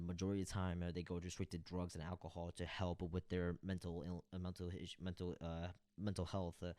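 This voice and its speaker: A man's voice: deep voice, dark tone, no room sound. A young man reacting to a music video, talking casually and emotionally with many restarts and fillers.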